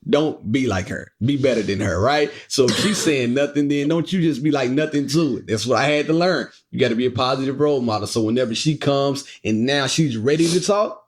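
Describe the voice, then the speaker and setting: A man co-hosting a podcast with his wife, talking in a casual, joking, animated way. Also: medium pitch, brisk, hardly any pauses. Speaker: podcast co-host. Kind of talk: casual chat.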